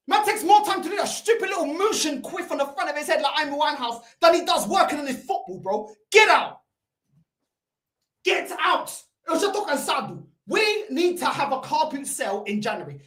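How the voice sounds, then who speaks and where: A woman with a London accent hosting a football fan stream, ranting heatedly, shouting and swearing, and dropping into Portuguese curses. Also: high voice. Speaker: football fan channel host. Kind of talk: ranting live-stream reaction. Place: room at home by a computer. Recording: roomy echo.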